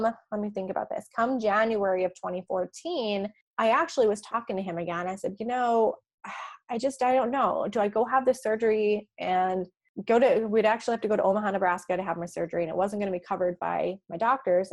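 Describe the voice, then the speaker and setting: A woman recounts a personal story as an interview guest. She talks casually and animatedly, acting out her own past conversations and often breaking into a light laugh. Her voice sits in a middle register. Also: mid-range voice. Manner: frequent light laughs and restarts.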